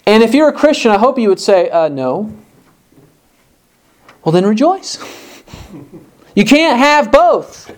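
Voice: medium pitch, animated, normal speed, long pauses. Earnest preacher firing off rhetorical questions. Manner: acts out complaining voices in quotes. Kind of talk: sermon.

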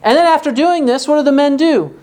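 A woman delivers an expository sermon in a slightly high voice. She walks her listeners through the text, pressing them with rhetorical questions and leaving emphatic pauses. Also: warm tone. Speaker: preacher.

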